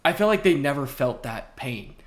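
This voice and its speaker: A man's voice: mid-range voice, moderate pace. Rambling young man, casual podcast chat. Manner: rambling, animated storytelling with frequent fillers. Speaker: podcast co-host.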